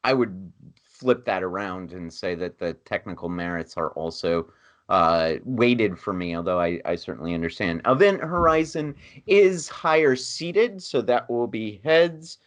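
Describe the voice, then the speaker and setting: A man's voice: on the low side, expressive, measured pace. A man hosting a film podcast, moderating a bracket debate in an easygoing, laughing way. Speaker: podcast host running the bracket. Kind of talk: casual moderating chat.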